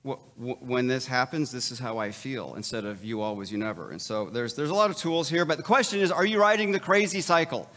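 A man's voice: medium pitch, brisk, hardly any pauses, a bit bright, long reverb tail. A middle-aged male pastor giving a conversational sermon, with frequent stammered restarts and chuckles at his own stories.

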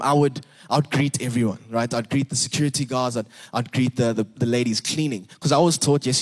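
A young pastor with a mid-range voice preaches a sermon. He's earnest and animated, repeating words and lifting his voice for emphasis.

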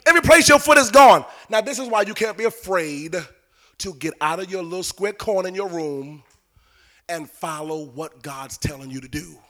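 A man preaching a sermon in a sing-song cadence that rises into shouting. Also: fairly high pitch, normal speed.

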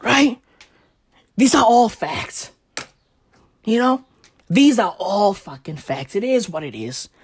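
A woman's voice: medium pitch, lively intonation, slow pace, long pauses, husky. A woman doing a brash, profane comic rant and mocking other people's voices. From South Africa. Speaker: comedian.

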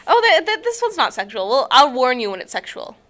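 A young woman co-hosting a podcast, chatting in an animated, bubbly way with lots of laughter. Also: high-pitched, a little fast. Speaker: podcast co-host. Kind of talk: casual chat.

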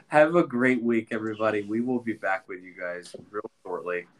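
Congested man with a low voice. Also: normal speed. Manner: rambling, with many ums and restarts. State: congested, nasal from a sinus infection. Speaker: podcast co-host. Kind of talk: casual chat.

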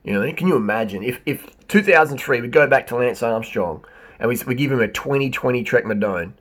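Husky ranting man. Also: medium pitch, fairly quick. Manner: animated, sarcastic ranting. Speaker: bike shop owner and video host. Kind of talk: reaction commentary.

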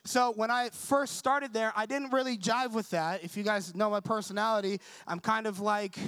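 A man's voice: high voice, steady tone, moderate pace, a bit bright, clear, resonant tone, no echo. A young man giving a conversational sermon, telling a story and acting out the dialogue, often checking in with the audience. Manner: conversational, asks the audience for agreement. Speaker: preacher.

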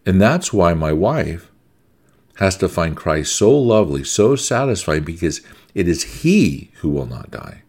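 A man's voice: sits low, big pitch swings, normal speed, darkish tone. A middle-aged American man preaching a sermon, conversational and emphatic, repeating key words for stress.

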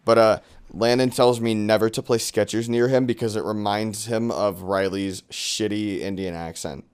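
A man's voice: fairly low pitch, fairly even intonation, normal speed, a little mellow, smooth. A man co-hosting a casual podcast with friends, blunt and teasing, laughing often. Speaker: podcast co-host. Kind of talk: casual joking chat among friends.

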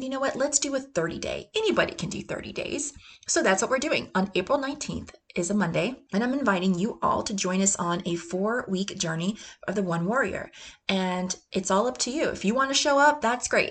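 A woman hosting a motivational podcast, talking with energy and laughing often, sometimes dropping into gruff chanted quotes. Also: mid-range voice, fairly bright tone. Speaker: podcast host.

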